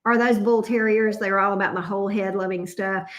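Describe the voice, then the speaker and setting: A woman's voice: medium pitch, steady tone, brisk. A woman hosting a casual livestream. She greets viewers by name and coos affectionately over her dog. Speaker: tarot reader hosting a livestream. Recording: roomy echo.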